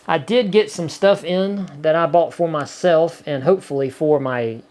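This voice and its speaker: A man with a drawl talks casually to his viewers. His voice sits a little high for a man. He rambles in a folksy way, full of restarts and "you know.". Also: moderate pace, darkish tone. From Gulf Coast of the US. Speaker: vlogger. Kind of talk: casual chat to camera.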